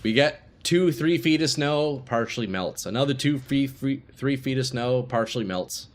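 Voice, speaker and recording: A man's voice: medium pitch, normal speed. A young man streaming a game live, chatting casually with viewers and swearing freely. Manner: laid-back, swears freely, chats with viewers.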